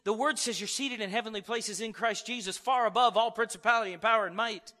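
High, bright-voiced man preaching in a hall. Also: quick pace. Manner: energetic, jokey, acts out quoted voices. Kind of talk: sermon.

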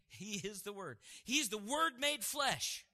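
A man with a high, very bright voice preaches to his congregation. He keeps asking questions and answering them himself. A long hall reverb trails each phrase. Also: expressive, slow pace. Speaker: pastor. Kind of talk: sermon.

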